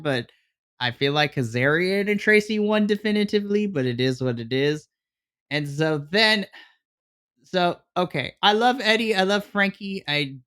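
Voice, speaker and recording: A man co-hosting a wrestling review podcast, retelling a storyline in an exasperated, animated way with mock dialogue. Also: a little high, smooth. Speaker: podcast co-host. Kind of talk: casual wrestling review chat.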